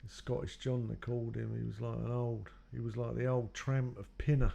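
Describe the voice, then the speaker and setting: A man's voice: medium pitch, little pitch movement, moderate pace, creaky, mellow. A man telling his own life story in a loose, rambling way, acting out what others said to him. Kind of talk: personal storytelling.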